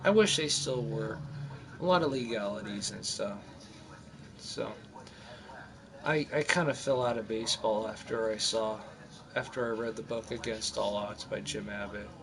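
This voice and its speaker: A man in his forties casually telling a rambling story over his gameplay, animated and full of restarts. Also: fairly low pitch, normal speed. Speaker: gamer narrating his gameplay.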